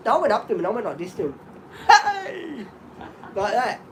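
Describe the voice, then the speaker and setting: A man's voice: high-pitched, rapid-fire, a little hiss or hum, poor audio. Rambling Australian man telling stories. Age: middle-aged. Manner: rambling, animated storyteller, laughs a lot. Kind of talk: casual chat on a livestream.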